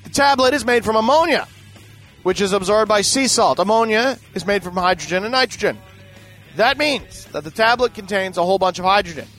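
A man's voice: high voice, lively intonation, fairly quick, fairly bright tone, faint music behind. A man reading tech news aloud and breaking off into profane, sarcastic asides as a podcast host.

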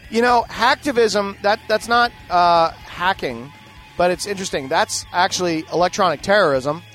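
High-voiced man riffing sarcastically on tech news. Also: a bit bright. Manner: profane, sarcastic asides between read-out news items. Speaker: podcast host. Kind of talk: reading tech news with off-the-cuff commentary.

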